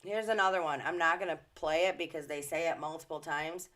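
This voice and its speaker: A woman with a slightly low voice gives blunt, indignant reaction commentary. She rants straight at her viewers with no polish. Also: fairly even intonation, fairly quick, a bit bright. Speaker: commentary vlogger.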